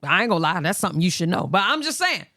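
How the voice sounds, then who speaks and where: A man's voice: racing, no echo, studio quality. A man hosting a casual chat, animatedly telling a personal story and acting out other people's lines in a raised voice. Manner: animated, acts out quoted voices in high pitch. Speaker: host.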